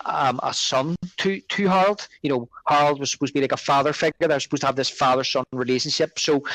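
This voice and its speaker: A man's voice: medium pitch, fairly bright tone, no room sound, low-quality recording. A man co-hosting a podcast, chatting casually about a film with rambling restarts and fillers. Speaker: podcast co-host. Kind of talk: casual film review chat.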